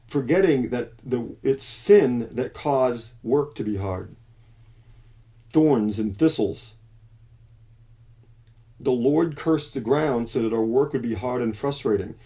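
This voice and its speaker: A man with a dark, mellow voice preaches in an emphatic monologue. He often breaks off and restarts his sentences, then slows down to press his points home. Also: medium pitch. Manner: emphatic, restarts and self-corrections. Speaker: Christian commentator.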